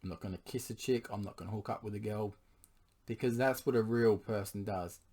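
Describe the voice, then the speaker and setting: A man's voice, a little low and gone hoarse, carries a late-night confessional monologue. He talks in an earnest, pleading way, pausing often to clear his throat as his voice gives out. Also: a little mellow. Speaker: vlogger addressing his partner.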